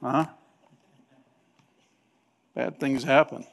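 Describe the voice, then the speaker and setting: A male pastor preaching a sermon, telling stories animatedly and acting out voices with sudden shouts. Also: medium pitch, fairly even intonation, drawn-out words, creaky. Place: church sanctuary. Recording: long hall reverb.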